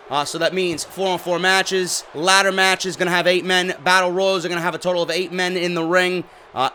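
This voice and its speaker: A man with a high, bright, sharp voice rants through game news in a blunt, profane way. He hammers his points home with emphasis and the odd filler. Faint background noise sits under his voice. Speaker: gaming video host. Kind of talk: ranting news commentary.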